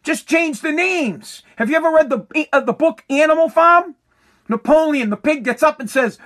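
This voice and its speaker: A man's voice: extremely high pitch, normal speed, fairly bright tone. A man who runs a contracting business, delivering a heated, profane political rant and hammering his points again and again. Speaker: working contractor.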